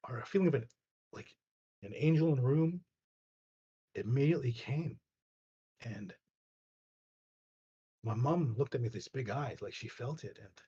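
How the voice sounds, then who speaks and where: A man's voice: medium pitch, dark tone. A man from Canada, a guest, telling a personal story in a loose, rambling way full of "like" and "you know". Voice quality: very husky. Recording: dull lo-fi online call audio.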